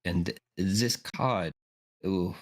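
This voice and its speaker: A man voicing an older female fortune teller, mysterious and ominous, with a slow, theatrical put-on accent. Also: low voice, exaggerated voice. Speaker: game master.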